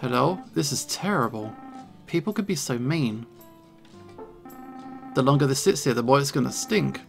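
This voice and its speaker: A man's voice: medium pitch, lively intonation, moderate pace, vocal fry, soft background music. A man hosting a let's play, commenting in a playful, jokey way and reading game dialogue. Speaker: gaming channel host.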